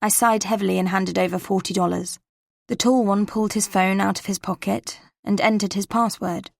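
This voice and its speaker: A woman narrating a cozy mystery audiobook in the first person, in a measured, wry manner. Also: medium pitch, steady tone, vocal fry, dry recording, clean studio sound.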